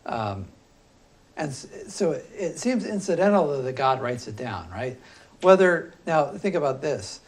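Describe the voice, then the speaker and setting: A man teaching a philosophy class, talking loosely and thinking aloud with frequent pauses and fillers. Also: medium pitch. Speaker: philosophy instructor. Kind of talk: classroom lecture.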